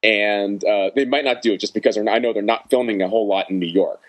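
A man's voice: lowish voice, quick pace, rough recording. A man on a podcast panel, chatting casually, rambling and self-deprecating.

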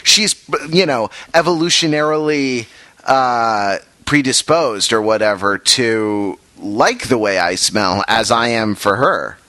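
A man's voice: medium pitch, animated, slow pace, sharp tone, dry recording. A man co-hosting a casual chat show, rambling through anecdotes and tangents. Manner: rambling storyteller, chatty. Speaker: podcast co-host.

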